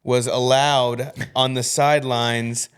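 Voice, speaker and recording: Brief: man, casual sports podcast co-host, swears freely, smooth clear voice, middle pitch. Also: takes it slowly. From Oklahoma fan. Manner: profane, animated storyteller.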